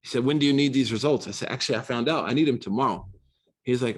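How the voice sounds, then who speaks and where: An American man giving a casual classroom lecture on religious texts, animated and slangy, switching into quick recitation. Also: medium pitch, breathy edge. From United States. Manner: fast, slangy, animated storytelling with Arabic recitation. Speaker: Islamic studies teacher. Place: university classroom.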